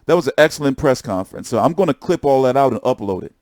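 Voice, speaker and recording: A young man chatting casually on a stream about boxing, excitable and profane, often repeating himself. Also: mid-range voice, fast talker, dry recording, studio quality. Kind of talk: casual live-stream chat.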